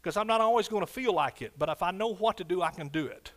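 A man preaching a fervent sermon as pastor, swinging from loud shouts to quiet, low asides. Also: expressive, quick pace.

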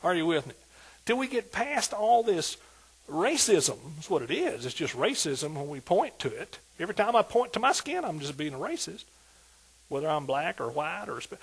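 High-voiced husky older preacher. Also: male voice, moderate pace, low-quality recording. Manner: animated preaching, asks "are you with me?" repeatedly; colloquial, folksy storytelling. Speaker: pastor. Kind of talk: sermon.

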